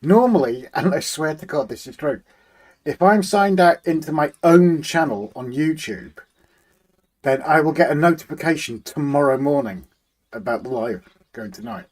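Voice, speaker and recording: A man hosts a relaxed livestream from his model railway room. He reads out viewer comments, greets each person by name in a friendly, chatty way, and hums to himself while he tinkers with the layout. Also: a little high, normal speed. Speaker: livestream host. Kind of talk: casual live chat, reading out viewer comments.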